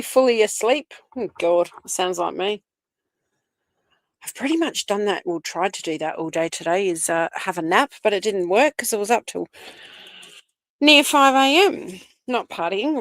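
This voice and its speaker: An Australian woman hosts a relaxed livestream, greeting viewers by name and chatting freely between topics. Her first language is Italian. The recording is dry and close. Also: on the low side, moderate pace, dry recording. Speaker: livestream host. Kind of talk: casual live chat reading comments.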